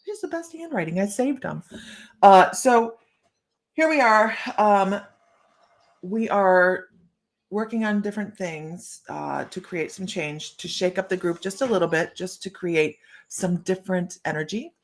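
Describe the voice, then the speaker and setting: A woman's voice: mid-range voice, measured pace. A woman hosting a psychic live stream, telling stories in a bubbly, rambling way and laughing often. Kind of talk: casual live-stream chat.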